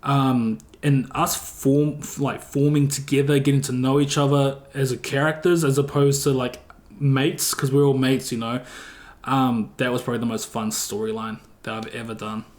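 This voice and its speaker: A young man with a New Zealand accent, relaxed and casual, chatting as a podcast guest. His voice sits at an ordinary middle pitch. He rambles easily, loose with fillers and slang. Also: normal speed. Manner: laid-back, full of fillers and slang. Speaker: guest streamer.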